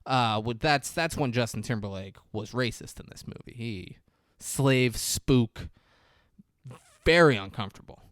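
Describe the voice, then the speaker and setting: A man's voice: animated, unhurried, fairly bright tone, clear, resonant tone, no echo. Male podcast host, loose profane movie recap, jumps into character voices, dry close sound. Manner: rambling, profane, acts out quotes with big pitch jumps. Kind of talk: casual movie recap chat.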